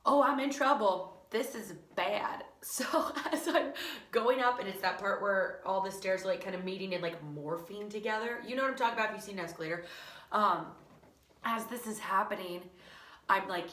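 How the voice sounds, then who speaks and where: A woman teacher spins a personal story in a loose, chatty way, piling up fillers and laughing as she goes. Her voice is bright and forward. The room around her rings with a noticeable echo. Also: mid-range voice, brisk. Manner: animated, lots of fillers, laughing through the tale. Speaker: teacher and channel host.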